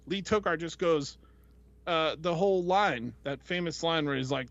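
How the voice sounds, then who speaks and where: A man's voice: fairly high pitch, normal speed, a bit bright, no room sound. A man hosting a podcast, telling a casual, rambling story full of fillers and voices he quotes. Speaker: podcast host. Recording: dull lo-fi, dry sound.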